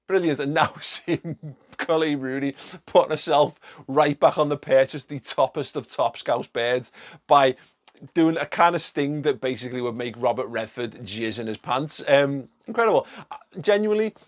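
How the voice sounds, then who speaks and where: A male podcast host talking in a loose, animated commentary style. He laughs often, swears freely and scatters fillers through his speech. His pitch sits in a middle range for a man. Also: normal speed. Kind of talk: casual commentary monologue.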